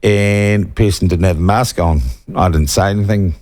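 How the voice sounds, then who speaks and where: A man's voice: low voice, fairly even intonation, moderate pace, darkish tone. A man with a New Zealand accent hosting a radio talk show, chatty and prone to joking asides. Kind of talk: conversational radio interview.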